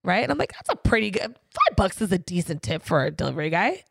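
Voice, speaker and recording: Woman, podcast co-host, animated rant, heavy swearing, dry close mic. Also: medium pitch, fast, vocal fry, slightly rough, no room sound. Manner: animated, swears a lot, ranting. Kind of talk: casual podcast chat.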